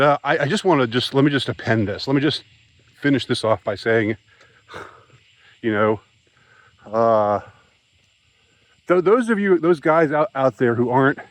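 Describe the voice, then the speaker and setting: A man's voice: mid-range voice, no room sound, rough recording. A man vlogging an upset, rambling monologue to camera, stumbling and repeating himself as he talks. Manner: agitated, halting, repeats himself.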